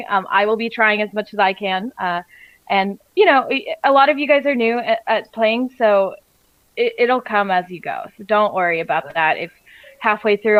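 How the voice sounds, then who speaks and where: A woman's voice: medium pitch, dry recording, highs cut off. A woman acting as game master, chatting casually and jokingly with players before the game starts. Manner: friendly, jokey, talks with her hands. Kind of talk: casual chat over video call. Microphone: video call.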